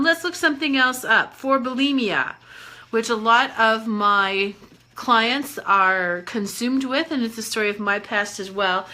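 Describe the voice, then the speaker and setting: A woman coaching viewers through a casual self-help live stream. Her voice sits a little high and rings bright and forceful. She talks in a chatty, playful and encouraging way. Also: low-quality recording. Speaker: life coach and hypnotist. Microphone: webcam or phone on a live stream.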